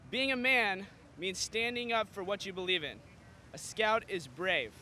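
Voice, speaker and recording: A man's voice: high voice, bright, forceful tone, slight background noise. A man and scout father reading a firm, declarative press statement outdoors. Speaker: scout parent speaker.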